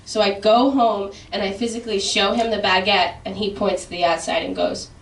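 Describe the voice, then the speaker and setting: A woman trying out a stand-up bit in a comedy class, with a soft, understated delivery. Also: mid-range voice, fairly even intonation, a little fast, vocal fry. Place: class room. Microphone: far room mic. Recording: roomy distant room recording.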